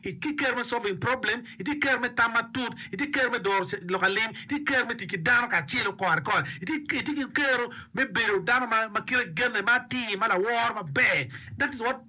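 A man's voice: very high-pitched, fairly quick, few pauses, pushed and bright. A man giving an emphatic, casual talk on education and community, often repeating himself and checking in with his listener. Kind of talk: casual explanatory talk mixing English and a local language.

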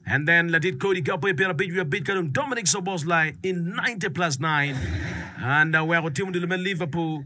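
A man doing excitable live football commentary, rapid and sing-song. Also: fairly high pitch. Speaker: sports radio commentator.

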